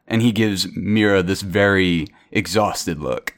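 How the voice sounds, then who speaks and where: A man's voice: low-pitched, measured pace, few pauses, no echo, studio quality. A man narrating as game master in a tabletop game, describing scenes plainly.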